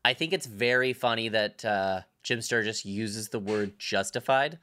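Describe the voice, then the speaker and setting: A man's voice: lowish voice, unhurried, pushed and bright. A man in casual film-review chat, talking in rambling stops and restarts and swearing now and then. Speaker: podcast co-host.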